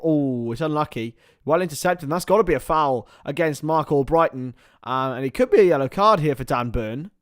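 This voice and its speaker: A young man calling a live match for his stream, voice sitting a touch high and rising sharply when play gets close to goal. The sound is close and dry, with no room around it, and he slips into mumbled asides full of ums between the action. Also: dry recording. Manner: excitable play-by-play, drops to mumbled asides with fillers. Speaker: watchalong host and commentator. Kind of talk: live match commentary with chat.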